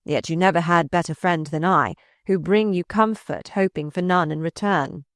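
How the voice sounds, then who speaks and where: A woman's voice: on the low side, no echo, studio quality, lightly acted. A woman reading a sardonic mocking courtier. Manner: mocking, drawn-out. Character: sardonic older male courtier, mocking and malicious.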